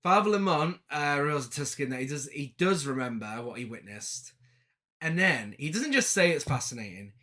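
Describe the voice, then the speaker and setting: A man's voice: a little high, animated, normal speed, bright, forceful tone. A man co-hosting a podcast, recapping a film scene by scene in casual chat, swearing freely and laughing often. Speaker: podcast co-host.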